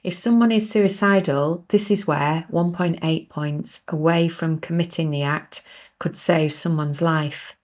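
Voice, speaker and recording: A woman's voice: low-pitched, fairly even intonation, measured pace, a little mellow. A woman, reading her own self-help book aloud on her podcast and breaking off into chatty, self-deprecating asides to her listeners. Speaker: author and podcast host.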